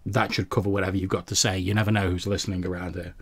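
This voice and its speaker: A man doing a hushed, posh alien contact. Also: low voice, little pitch movement, rapid-fire, a little hiss or hum. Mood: secretive. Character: discreet male alien contact, posh-sounding.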